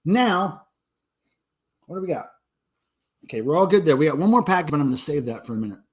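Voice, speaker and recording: A man's voice: fairly high pitch, big pitch swings, fast, husky. A man in his forties hosting a casual livestream, drinking beer and joking crudely with viewers in the chat. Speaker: livestream host.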